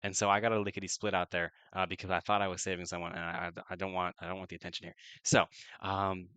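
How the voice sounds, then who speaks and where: Deep voiced guy playing a tabletop game, chatty, laughs a lot, dry sound. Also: little pitch movement, fast, bright, forceful tone, clean tone, no room sound. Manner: chatty, laughs easily, thinks aloud. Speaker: player. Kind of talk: casual tabletop role-play chat.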